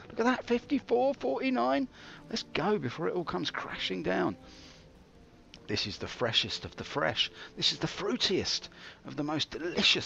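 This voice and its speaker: A man streaming a game, telling theatrical, jokey stories with big swings in pitch. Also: vocal fry, a bit bright, lo-fi sound. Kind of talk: rambling live-stream commentary.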